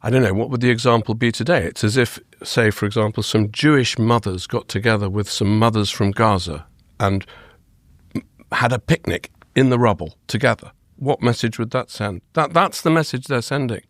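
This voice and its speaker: An art historian and author is a guest in a conversational interview, recorded dry at studio quality. His medium-pitched voice moves at a moderate pace as he gives eager, long, rambling answers with frequent restarts.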